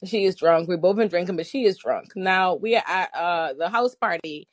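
A woman's voice: on the low side, moderate pace, no room sound. A young woman chatting on a podcast, telling stories with lots of laughter and swearing. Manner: animated, laughs often, swears freely. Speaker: podcast host. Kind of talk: casual chat, storytelling.

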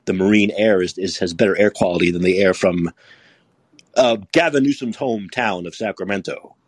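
A man's voice: low-pitched, fairly quick, breathy edge, dry recording. A man hosting a live call-in podcast, talking casually and sarcastically, rambling with many restarts. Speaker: podcast host. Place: San Francisco.

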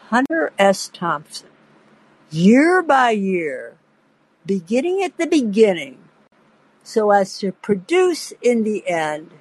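A woman's voice: mid-range voice, no echo, low-quality recording. A woman hosting a podcast, telling a first-person story with theatrical flair and speaking straight to the listener. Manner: theatrical, acts out quoted voices; addresses listener directly, playful. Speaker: podcast host and narrator.

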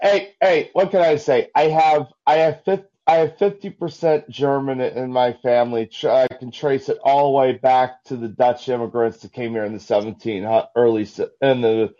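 A man calling in to a live talk show, telling jokes in a halting way with many restarts. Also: mid-range voice, fairly even intonation, warm tone. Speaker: caller. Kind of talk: casual call-in chat. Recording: dull lo-fi call-in line.

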